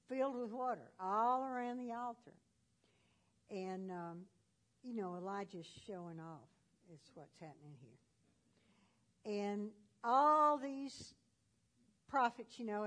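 A woman retelling a Bible story in a folksy, conversational way with casual fillers. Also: medium pitch.

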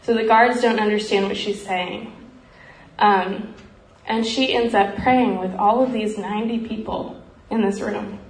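A woman's voice: mid-range voice, fairly even intonation, a little slow. Earnest woman telling a story, roomy echo. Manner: earnest, frequent ums, grows emotional. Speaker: speaker sharing a missionary story. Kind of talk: heartfelt storytelling talk. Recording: roomy echo, faint background noise.

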